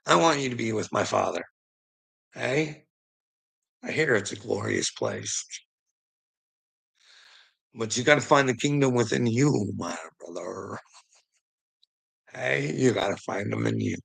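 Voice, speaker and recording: A man's voice: medium pitch, lively intonation, measured pace, creaky, long pauses, fairly bright tone, breathy edge, poor audio. A man hosting a rambling live stream, preaching and teasing a viewer directly, laughing often between lines. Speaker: livestream host.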